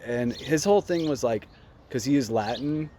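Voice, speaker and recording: A man's voice: medium pitch, normal speed, warm tone, a little hiss or hum. A young man co-hosting a podcast, chatting casually and retelling stories with lots of fillers. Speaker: podcast co-host. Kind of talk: casual chat.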